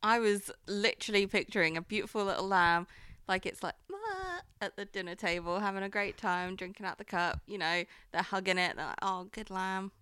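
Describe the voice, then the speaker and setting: A woman's voice: mid-range voice, steady tone, fairly quick, hardly any pauses, pushed and bright, clear, resonant tone, no echo, studio quality. A woman chatting casually, reacting with wry asides. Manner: wry, chatty listener, frequent laughs and asides. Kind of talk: casual podcast chat.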